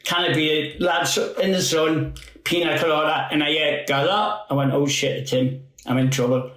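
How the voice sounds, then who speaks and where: A man's voice: a little high, flat delivery, moderate pace, a bit bright, roomy sound, low-quality recording. A Geordie man in his fifties, a guest telling rambling football anecdotes with acted quotes and frequent laughter. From North East England. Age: 50s. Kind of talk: storytelling anecdotes.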